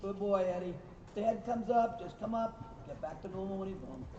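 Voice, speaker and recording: High-voiced and a little fast, with a darkish tone, a male riding instructor works through a lesson, encouraging the horses and correcting the riders. Captured from far off in the arena, the audio comes across distant, echoey and dull.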